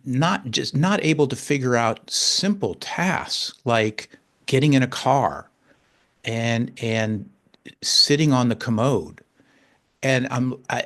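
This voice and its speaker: A man in his sixties, a guest telling a personal story in conversation, halting, with many restarts and repeated words, earnest and openly emotional. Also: medium pitch, fairly bright tone.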